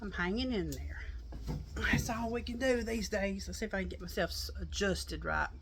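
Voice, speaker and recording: A woman's voice: mid-range voice, normal speed, noisy background. A woman, chatting to her viewers in a folksy, rambling way and a little out of breath. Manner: folksy, chatty storytelling with laughs. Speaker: crochet vlogger. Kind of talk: casual chat to viewers. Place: outdoors on a porch.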